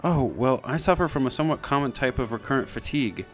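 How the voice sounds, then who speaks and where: A man's voice: mid-range voice, expressive, fast, soft background music, voice pushed up, close to an everyday voice. A man voicing a frail, genteel young woman student, speaking in a prim, formal, overly polite way. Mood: earnest.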